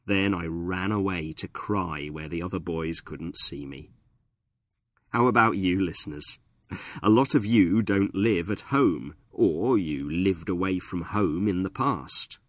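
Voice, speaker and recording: A male presenter of an English-learning podcast, speaking in a deep voice with lively intonation. He explains points clearly and in a friendly way, at an unhurried pace. The studio sound is dry. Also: no echo. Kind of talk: scripted teaching narration.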